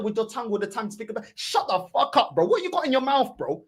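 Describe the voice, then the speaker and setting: A woman's voice: on the high side, sing-song, fast. Exasperated woman ranting about football. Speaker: football fan streamer. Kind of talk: ranting fan commentary.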